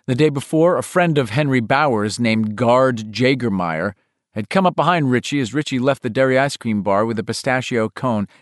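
Reading a novel aloud as an audiobook narrator, a man uses his mid-range voice in a measured, expressive delivery. There's no room sound, just studio-quality audio.

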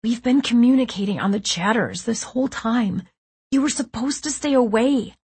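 A woman's voice: a little high, unhurried, slightly rough, voice pushed up. A woman voicing a frightened, pleading teenage boy in an audiobook, speaking raised and urgent. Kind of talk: audiobook character voice.

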